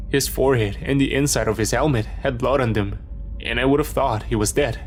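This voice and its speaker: A man reading a horror story in a steady, measured scripted narration. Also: medium pitch, a little hiss or hum.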